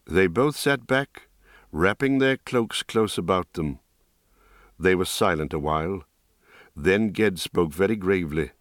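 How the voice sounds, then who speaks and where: A man narrating a fantasy audiobook in calm, steady scripted storytelling. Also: sits low, unhurried, no room sound, studio quality.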